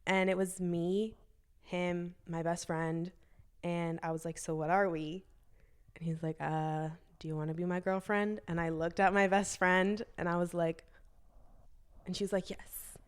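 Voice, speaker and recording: A woman's voice: lowish voice, flat delivery, measured pace, clear, resonant tone. A woman in her early twenties, a podcast guest telling stories casually, chatty and full of fillers, acting out quoted dialogue. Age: early 20s. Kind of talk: casual storytelling.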